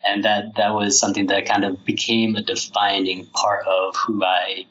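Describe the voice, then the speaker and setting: A man talking as a guest on a podcast, slightly low in pitch and halting, often restarting his sentences as he reflects. His voice comes through a little muffled and lo-fi. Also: little pitch movement, a bit bright. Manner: hesitant, halting, many restarts. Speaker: author guest. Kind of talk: podcast interview.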